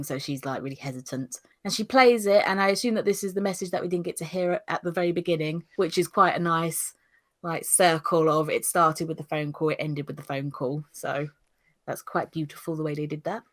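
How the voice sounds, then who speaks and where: A woman co-hosts a casual review podcast. Her voice sits on the low side, and she retells the story in a chatty, animated way with lots of giggles. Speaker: podcast co-host, newbie reviewer.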